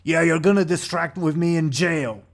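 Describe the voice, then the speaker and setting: A man voicing an angry male tavern bruiser, a gruff thug who barks at people. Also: lowish voice, normal speed, pitched below the performer's own voice, natural voice. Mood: angry shouting. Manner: barking, irritated shouts.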